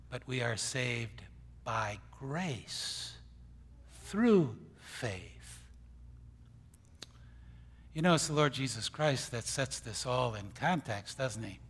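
A man preaching a sermon, swinging between loud, emphatic bursts and hushed near-whispers. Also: medium pitch, husky, big-room sound.

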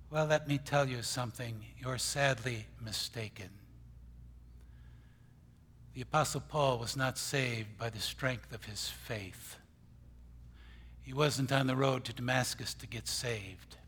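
A man preaching a sermon, swinging between loud, emphatic bursts and hushed near-whispers. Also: medium pitch, takes it slowly, pauses often, breathy edge, big-room sound.

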